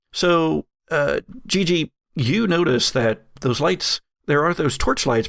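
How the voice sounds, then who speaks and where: A man's voice: medium pitch, creaky, no room sound, clean studio sound. A man narrating as game master in a casual actual-play audio drama, loose and full of hesitations. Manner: loose, hesitant with many uhs.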